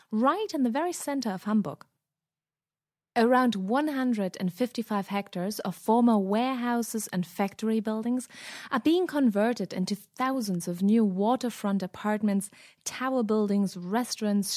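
Brief: female correspondent, mid pitch, cheerful read, dry studio sound. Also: a little mellow, no echo. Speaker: cultural correspondent. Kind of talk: scripted travel segment in a language lesson.

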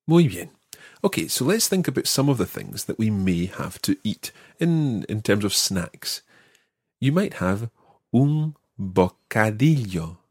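A man hosting an audio language lesson, patiently explaining and slowing down to model each word. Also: on the low side, sing-song, husky, no echo, clean studio sound. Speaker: language teacher, podcast host.

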